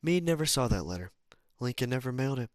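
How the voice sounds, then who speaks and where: An amateur reader, a man with a medium-pitched voice, reads a self-help book aloud very animatedly and fast. He stumbles, restarts lines, and corrects himself, tossing in casual asides and apologies, with no echo on the recording.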